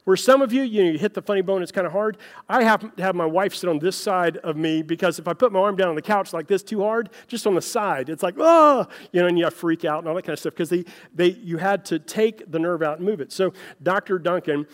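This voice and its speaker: A man with a fairly high voice gives a relaxed, story-driven sermon, talking to his congregation like friends. His words ring out into a large hall with a long reverb tail. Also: fast. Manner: folksy storytelling, addresses listeners as "guys". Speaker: pastor. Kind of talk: conversational sermon.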